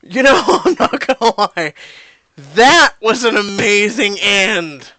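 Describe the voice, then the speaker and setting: A young man reading through a story game and chatting about it afterward, animated and chatty. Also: sits high, slow pace, slight background noise. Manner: animated, laughing, chatty with fillers. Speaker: YouTuber playing a story game. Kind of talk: let's-play reading and commentary.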